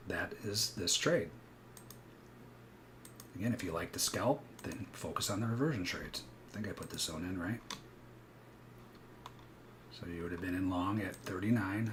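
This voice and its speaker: A man with a low-pitched voice coaches viewers through live futures trades against a noisy background. He explains chart patterns and acts out panicked traders in animated bursts of energy, tossing in rapid asides.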